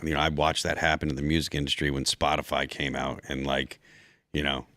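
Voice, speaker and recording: Very deep-voiced relaxed man. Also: a little fast, dry recording, studio quality. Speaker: podcast panelist. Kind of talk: casual panel chat.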